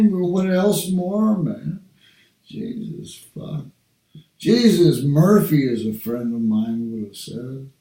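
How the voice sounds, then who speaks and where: A man's voice: mid-range voice, warm tone. An older man from Canada, talking in a rambling, profane monologue for a personal video. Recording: roomy sound, distant from the mic.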